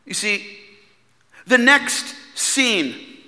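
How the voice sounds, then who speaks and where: A male pastor preaching a sermon in a church, earnest and pleading, swinging from hushed asides to loud emphatic lines. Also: very high voice, very animated, drawn-out words, in a large hall. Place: church hall.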